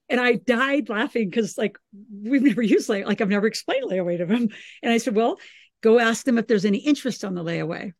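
A middle-aged woman hosting a podcast, chatting casually and telling lively stories about her children. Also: fairly high pitch, fairly quick, no room sound, clean studio sound. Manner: animated storyteller, acts out her kids' lines. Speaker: podcast host. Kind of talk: casual chat.

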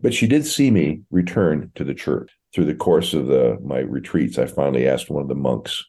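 Low husky older man telling stories. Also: moderate pace. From Oregon. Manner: relaxed, anecdotal, folksy. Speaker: priest guest. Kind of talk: casual interview storytelling.

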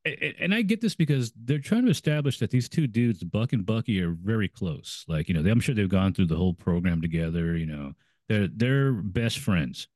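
A man chatting casually on a podcast about a TV episode, explaining and speculating, quick to agree. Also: fairly low pitch, lively intonation, a little mellow, no echo, clean studio sound. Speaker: podcast co-host.

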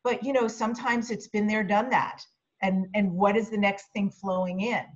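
A woman's voice: mid-range voice, fairly even intonation, moderate pace. A woman talks as a podcast guest in a chatty, reflective way. She leans on casual fillers as she thinks aloud. Her voice sounds a little dull and muffled. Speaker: interview guest, media coach. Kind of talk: casual interview chat.

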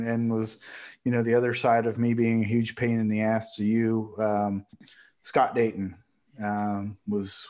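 A middle-aged man in a casual conversation, talking in a halting way and getting choked up as he recalls a loss. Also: medium pitch, a little mellow. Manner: halting, emotional, gets choked up.

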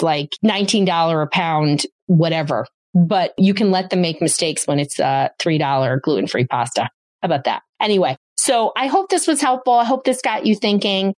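A woman's voice: fairly low pitch, no room sound. A woman hosting a parenting podcast, giving emphatic advice straight to parents. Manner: emphatic, addresses parents directly. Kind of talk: solo podcast advice talk.

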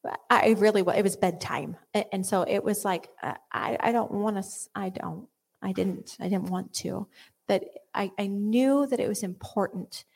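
A woman's voice: medium pitch, normal speed, gravelly, breathy edge. A woman giving earnest Christian teaching with a personal story, often dropping to a whisper and restarting her sentences. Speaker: Christian speaker.

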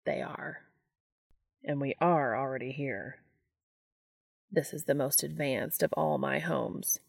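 A woman voicing an ancient, calm, gently amused male angel in a fan fiction audiobook, speaking low, soft and unhurried. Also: creaky, dry recording, studio quality, full character voice.

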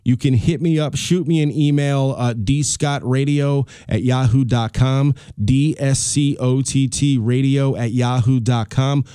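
A man's voice: mid-range voice, steady tone, measured pace, hardly any pauses, mellow, clear, resonant tone, no room sound, studio quality. A middle-aged man hosting his own podcast, talking in a rambling, chatty, self-deprecating way. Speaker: podcast host. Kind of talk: casual solo podcast monologue.

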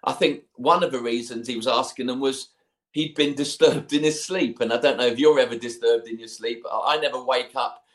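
A man's voice: mid-range voice, a little fast, fairly bright tone. A man preaching a sermon, retelling a scripture story in a conversational way, with personal asides.

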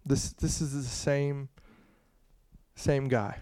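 A man preaching a conversational sermon to a congregation, swinging between hushed and loud passages, with frequent "you know" asides. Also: mid-range voice, fairly even intonation, slow pace, dry recording, studio quality. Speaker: pastor.

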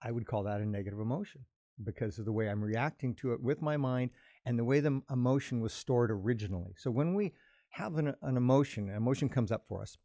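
A man talking calmly in a casual conversation, explaining his ideas at length in a reflective way. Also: mid-range voice, no echo, clean studio sound. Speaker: podcast co-host.

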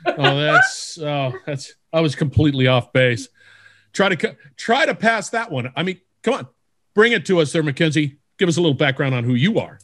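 A man hosting a podcast interview, playful and jokey in an upbeat, animated way. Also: on the high side, moderate pace. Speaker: podcast host.

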